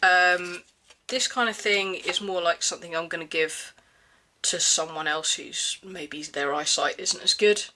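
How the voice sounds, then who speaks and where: A vlogger showing off a pouch in a casual show-and-tell, slightly hoarse from hay fever and pausing often with ums and restarts. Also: medium pitch, bright, forceful tone. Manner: hesitant, many ums and restarts. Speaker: everyday-carry gear reviewer.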